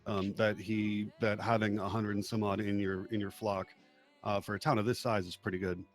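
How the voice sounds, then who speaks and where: A man's voice: fairly low pitch, little pitch movement, moderate pace, faint music behind. A man running a tabletop game as game master, explaining in a hesitant way with many fillers.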